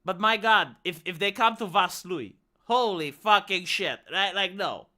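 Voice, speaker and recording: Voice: mid-range voice, measured pace, pushed and bright. A live streamer from Romania with a Romanian accent, ranting bluntly and with a lot of swearing in a casual livestream chat.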